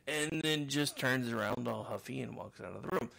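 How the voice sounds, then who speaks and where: Middle-aged male podcast host, heavy vocal fry, radio-trained voice, loose self-deprecating rambler. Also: medium pitch, unhurried, pauses often, fairly bright tone. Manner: rambling, self-mocking storyteller with frequent restarts. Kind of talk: casual monologue.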